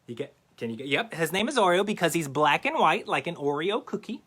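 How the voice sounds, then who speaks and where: Animated goofy man doing a kids' magic show. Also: on the high side, a little fast. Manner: goofy, playful, self-mocking, addresses kids directly. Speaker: children's magician.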